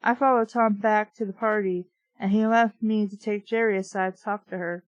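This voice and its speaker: Woman reading an old novel out loud, snarky side comments, dead dry sound. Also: medium pitch, steady tone, moderate pace, dry recording, muffled recording. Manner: dry, sarcastic interjections. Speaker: book reviewer reading aloud. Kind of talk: comic reading of a novel with sarcastic asides.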